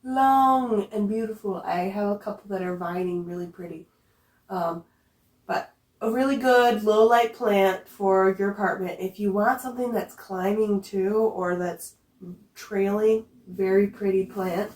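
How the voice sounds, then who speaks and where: A woman vlogger gushes over her houseplants, repeating her praise with warm enthusiasm and a faint regional accent that comes and goes. She sits a little back from the mic, so her voice carries the echo of the room around her. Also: medium pitch, unhurried. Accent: some regional accent that slips in. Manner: gushing, enthusiastic, fond of repeating words. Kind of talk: casual chat. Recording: roomy echo, distant from the mic.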